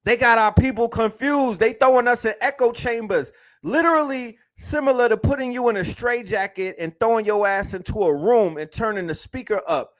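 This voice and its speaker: A man's voice: extremely high pitch, normal speed, fairly bright tone. A man hosting an online talk, speaking emphatically with slang and lots of repetition. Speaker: host. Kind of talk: animated lecture-style talk.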